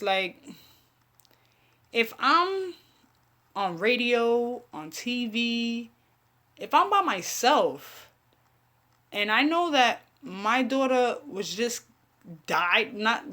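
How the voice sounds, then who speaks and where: A woman's voice: a little high, sing-song, takes it slowly, pauses often, bright, forceful tone. A woman hosting an online radio show, ranting bluntly and profanely while replying to her chat. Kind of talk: casual ranting commentary.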